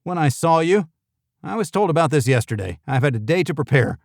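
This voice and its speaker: A man voicing a sardonic, deadpan government agent who sounds exasperated, in a gravelly voice. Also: a little high, brisk, no echo, clean studio sound, voice pushed up. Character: sardonic middle-aged male government agent.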